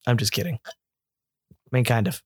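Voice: medium pitch, expressive, moderate pace, husky, no echo, clean studio sound. Joking podcast co-host, mid voice. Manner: joking, rambling. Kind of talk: casual beer-tasting chat.

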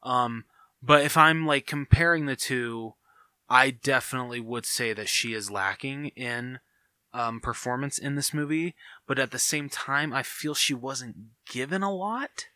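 A man's voice: medium pitch, unhurried, pushed and bright, dry recording. A man co-hosting a casual podcast chat, easygoing and enthusiastic, with lots of filler words. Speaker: podcast co-host.

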